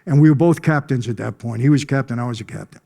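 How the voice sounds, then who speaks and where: Mellow-voiced man telling a gripping story. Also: medium pitch, fast talker, in a large hall. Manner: emphatic, conversational, often clears throat. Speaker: conference speaker. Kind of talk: personal storytelling talk. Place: conference stage.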